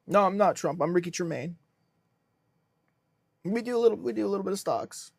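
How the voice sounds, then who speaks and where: Deadpan young male streamer, high voice, dry close sound. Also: fairly quick, vocal fry, no echo. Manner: deadpan self-styled businessman persona. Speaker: livestream host. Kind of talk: casual livestream chat reading comments.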